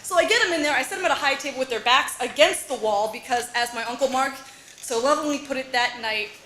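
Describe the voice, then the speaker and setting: Bright, high-voiced woman telling a story on stage. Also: fast talker, roomy sound, slight background noise, rough recording. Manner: animated, laughing often, acting out relatives' lines. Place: bar or small venue with audience.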